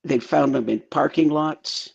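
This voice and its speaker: A man co-hosting a political live stream, rambling and halting through anecdotes, heard over a remote call. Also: a little high, creaky, a little mellow, breathy edge, highs cut off.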